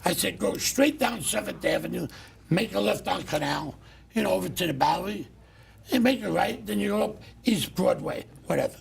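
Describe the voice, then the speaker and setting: Gravelly, blunt New man ranting. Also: high-pitched, normal speed. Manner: blunt, loud, animated storyteller. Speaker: talk show host. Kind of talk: casual ranting monologue.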